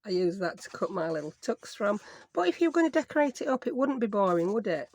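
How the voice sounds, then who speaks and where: A woman's voice: mid-range voice, big pitch swings, quick pace, darkish tone, a little hiss or hum. This is a woman talking viewers through a crafting project. She is chatty and self-mocking, muttering asides to herself as she works. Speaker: crafting YouTuber. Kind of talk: casual craft tutorial.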